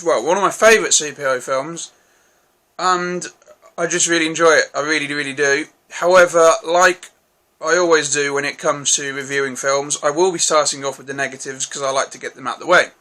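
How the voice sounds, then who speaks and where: A man's voice: on the high side, sharp tone. A man hosting his own channel, giving a casual, rambling film review with many restarts and mild, self-deprecating remarks.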